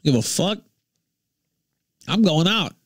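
High-voiced ranting man, very animated. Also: slow pace, dry recording, clean studio sound. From Memphis. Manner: profane, angry, swings from high shouting to low mutters. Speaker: livestream host. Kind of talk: ranting livestream commentary.

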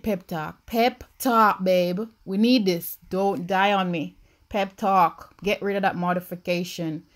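A young woman with a Jamaican accent giving excitable, anxious commentary as she plays a life-sim game. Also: medium pitch, measured pace. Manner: animated, swings from anxious murmurs to shrieks. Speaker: gaming YouTuber.

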